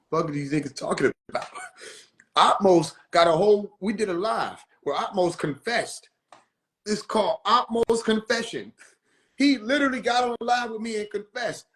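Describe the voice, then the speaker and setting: Man, livestream host, fairly high voice, casual storytelling, animated, profane, laughs a lot, acts out quotes. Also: normal speed.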